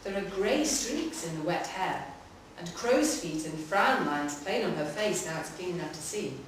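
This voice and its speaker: A woman giving a live, measured reading of a short story in a public library room. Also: fairly low pitch, lively intonation, a little hiss or hum. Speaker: reader. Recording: echoey hall from far off.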